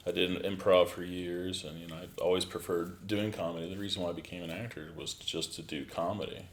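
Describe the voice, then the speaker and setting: A man with a very deep, low voice talks easily as a guest, leaning on filler phrases. There is a faint noise under his voice. The delivery is relaxed and conversational. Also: fairly quick. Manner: relaxed, many "you know" fillers. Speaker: actor guest. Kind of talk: casual interview chat.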